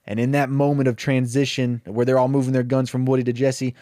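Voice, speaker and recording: A young man casually pitching a comedic story, rambling and acting out the characters' lines. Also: flat delivery, fairly quick, dark tone, no room sound, clean studio sound.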